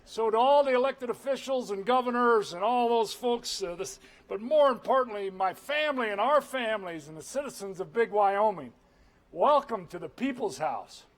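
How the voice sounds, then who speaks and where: A man, a governor, giving an energetic, conversational public address to a crowd. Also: high voice, moderate pace.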